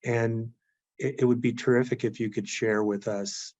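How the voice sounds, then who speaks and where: A man hosting an interview asks long, polite questions that wander and restart. His voice is mid-pitched, and the recording sounds dull and lo-fi. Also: fairly even intonation, normal speed, darkish tone.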